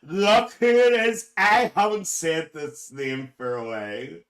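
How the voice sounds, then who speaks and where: Bloke putting on a cheeky auntie, calls everyone dear, raised voice, sits back off the mic. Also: male voice, a little high, sing-song, measured pace, pushed and bright, recorded from a distance, exaggerated voice. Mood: gossipy. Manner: gossipy, calls everyone dear, laughs often. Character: chatty older auntie, gossipy and cheeky. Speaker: livestream host. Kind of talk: live stream chat in character.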